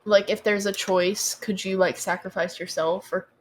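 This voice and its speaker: Casting: young woman podcast co-host, chatty, filler-heavy, mid-pitched. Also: steady tone, normal speed, a little hiss or hum. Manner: rambling, heavy on ums and likes. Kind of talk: casual gaming chat.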